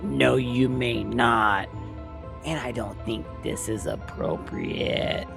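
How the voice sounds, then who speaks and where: Man voicing a shrill indignant mother, gravelly raised voice, slow delivery. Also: lively intonation, music in the background, heavily acted. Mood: angry. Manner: yelling, indignant. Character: angry controlling mother, shrill and defensive.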